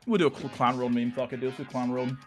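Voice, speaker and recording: A young man hosting a casual livestream at a middle pitch. He talks in a profane, slangy way and keeps restarting his sentences. Faint music plays behind him. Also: fairly even intonation, quick pace. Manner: profane and slangy, lots of "dude" and "bro", many restarts. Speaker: livestream host.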